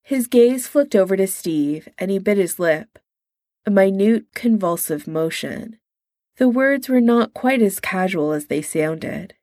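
Slow, calm woman reading a story. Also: mid-range voice, dry recording, clean studio sound. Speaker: narrator.

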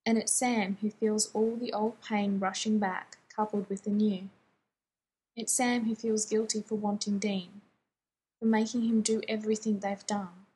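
A woman narrating a fan fiction story in a hushed, intimate and even manner. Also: mid-range voice, breathy edge, poor audio.

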